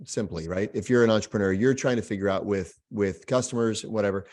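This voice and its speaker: A man as guest expert, explaining ideas in casual talk and acting out little scenes with quick character voices over a video call. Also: on the low side, a little mellow.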